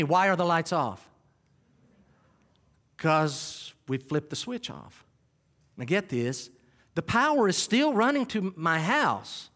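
Guy preaching, really animated, voice jumps all over, quiet asides then big loud build-ups. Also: sits high, long reverb tail. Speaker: pastor. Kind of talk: sermon.

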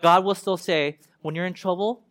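A man preaches in a relaxed, conversational way, slipping into voices to act out the people in the scripture. His voice sits a little high for a man, and his delivery swings between loud and soft. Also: moderate pace. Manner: conversational, animated, acts out voices of God and prophet. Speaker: pastor. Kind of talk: sermon.

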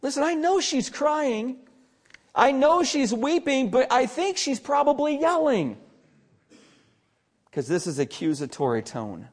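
A man preaching an earnest sermon as pastor, with emphatic stress and quiet asides. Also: very high-pitched, big pitch swings, a little slow, long pauses.

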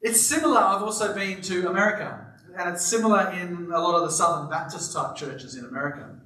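Lively high-voiced preacher in echoey church. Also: male voice, fairly quick, distant mic. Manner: animated storytelling with playful asides. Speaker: pastor. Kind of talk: sermon. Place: church auditorium with live congregation.

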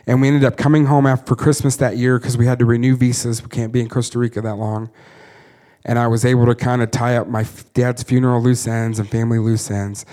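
A man's voice: medium pitch, fairly even intonation, warm tone. Earnest man telling his testimony. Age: 30s. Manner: earnest storytelling, quick to laugh at himself. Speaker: missionary. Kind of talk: personal testimony story.

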